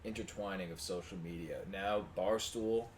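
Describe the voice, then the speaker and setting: A young man co-hosting a podcast, telling stories in a casual, profane, animated way and jumping loud for the parts he quotes. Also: sits low, normal speed. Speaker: podcast co-host. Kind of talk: casual storytelling chat. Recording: amateur podcast audio with faint noise.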